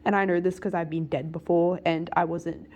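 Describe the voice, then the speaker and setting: A woman's voice: fairly low pitch, flat delivery, moderate pace, a little mellow. A woman talking casually to camera in a rambling, emphatic way, with many filler words. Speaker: vlogger.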